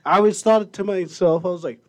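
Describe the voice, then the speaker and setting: Young male co-host, profane storyteller, slightly high voice. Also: steady tone, fast talker. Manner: profane, laughing, acts out voices in his stories. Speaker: podcast co-host. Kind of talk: casual chat, storytelling.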